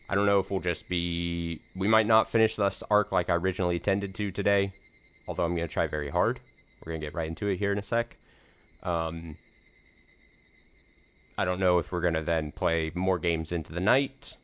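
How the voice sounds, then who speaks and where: Man, very low voice, slightly hoarse, let's play streamer, casual rambling chat, self-deprecating, lots of fillers. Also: a little hiss or hum. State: slightly hoarse from screaming the night before. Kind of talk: casual stream chat before reading a visual novel.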